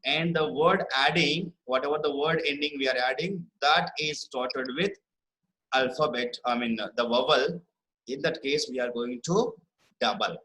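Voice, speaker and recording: A man teaching a spelling lesson, explaining patiently, repeating words slowly and asking "right?" to check understanding. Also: mid-range voice, pushed and bright, low-quality recording. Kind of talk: online classroom lesson.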